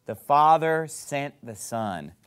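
A man, a pastor, preaching a sermon and reading scripture aloud. He talks emphatically, repeats his points, and builds to loud peaks. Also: fairly high pitch, big pitch swings, slow pace, smooth. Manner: reads scripture aloud in King James wording.

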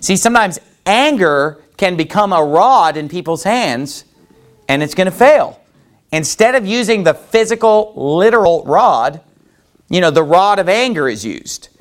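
Guy preaching a sermon, high voice, swoops up and down a lot, keeps saying you know. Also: big pitch swings, measured pace. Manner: emphatic preaching with frequent "you know" asides. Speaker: pastor.

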